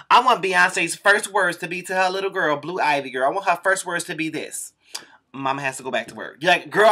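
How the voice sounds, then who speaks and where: A man's voice: high-pitched, sharp tone. A man doing a sassy, profane comedic gossip rant, tagging nearly every line with "girl". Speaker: vlogger doing a comic rant. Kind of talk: camp comedic gossip monologue.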